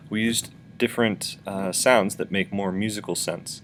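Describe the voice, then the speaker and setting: A man's voice: fairly low pitch, moderate pace, hardly any pauses, a little hiss or hum. A man teaching a virtual music lesson for children, patiently explaining and chanting rhythm syllables.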